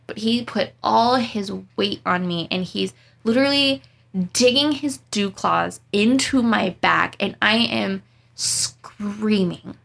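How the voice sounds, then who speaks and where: A young woman telling a story in casual chat, animated and dramatic, laughing as she goes. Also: medium pitch, creaky. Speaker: storyteller guest.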